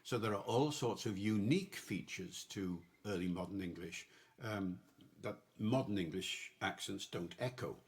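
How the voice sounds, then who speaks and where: A man's voice: low voice, normal speed, husky. An older man as a language professor guest, explaining patiently in a podcast discussion.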